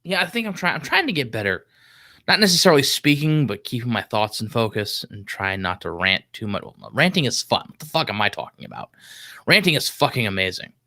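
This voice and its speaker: Male streamer, lively pitch, bright tone, rambling and profane. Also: brisk. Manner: rambling, profane, easily sidetracked. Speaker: livestream host. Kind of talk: casual livestream commentary.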